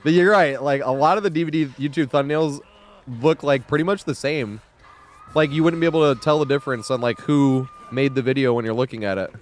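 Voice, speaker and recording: Relaxed and clearly stoned, a man chats briskly on his live gaming stream in a mid-range voice. He rambles, laughs frequently and drops casual swear words all the time.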